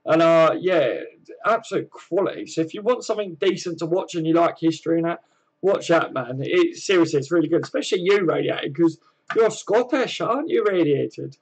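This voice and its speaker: English man, slightly high voice, live-stream host, casual chat, reads comments, says mate a lot. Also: expressive, fairly quick, breathy edge, rough recording. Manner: chatty, calls viewers mate, laughs often.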